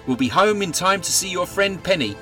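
A man voicing a brisk, chirpy female friend in a comic audio sketch, upbeat, chatty and a bit scatty. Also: high voice, expressive, sharp tone, faint music behind, voice pushed up.

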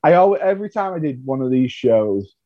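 A man's voice: medium pitch, brisk, no echo, narrow, tinny audio. A male comedian, telling stories candidly and with self-deprecating humour in a podcast interview. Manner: self-deprecating, animated storytelling. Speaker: comedian guest.

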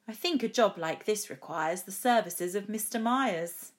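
A woman's voice: mid-range voice, measured pace, natural voice. A woman voicing a practical, outspoken mother in a read-aloud poem, speaking in a matter-of-fact way.

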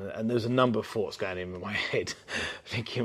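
A man co-hosting a casual podcast chat, telling anecdotes in a lively way. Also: fairly low pitch, a little fast, slightly rough. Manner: storytelling, animated with quoted voices. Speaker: podcast co-host.

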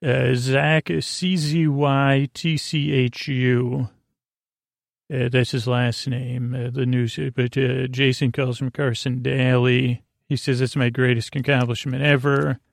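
A man recaps a TV episode on his podcast, stumbling along with many fillers. His voice is gravelly and stays on an even, flat pitch. The recording is dry and close. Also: no room sound. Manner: halting, many fillers, reads quotes flatly. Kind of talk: casual solo recap.

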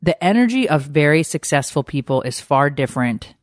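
A middle-aged woman with a lowish voice hosts a podcast, telling stories in an animated, chatty way, swearing freely and acting out quotes. The recording is brisk, dry, and close.

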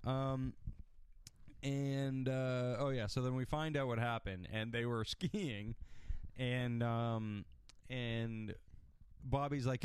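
A man's voice: mid-range voice, fairly even intonation, slow pace, long pauses, smooth, no room sound. Chatty man recapping with mock voices. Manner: rambling, acts out characters' lines in mocking voices. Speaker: podcast co-host recapping a TV episode. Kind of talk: casual chat.

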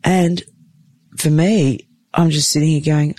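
This new mother records a personal vlog in her hospital room, exhausted from giving birth and still chatting openly with frequent exclamations. She has a low, warm voice with fairly even intonation and takes her time. No room sound is audible.

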